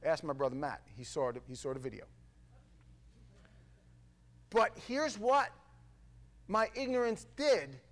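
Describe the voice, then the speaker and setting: New guy ranting casually to camera, kinda high voice, stumbles over his words a lot. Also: unhurried, long pauses. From New York. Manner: animated storytelling with stammered restarts.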